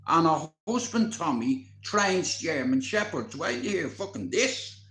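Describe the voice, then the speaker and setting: A man, telling a story in casual, animated chat, swearing constantly. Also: a little high, measured pace, echoey room, slight background noise. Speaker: vlogger.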